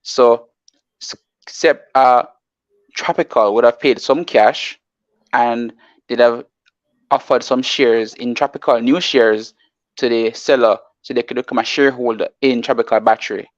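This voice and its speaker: A man's voice: medium pitch, steady tone, measured pace, no echo, lo-fi sound. A man working as a market analyst on a live show, reading out formal text and explaining it at length, with many "you know"s.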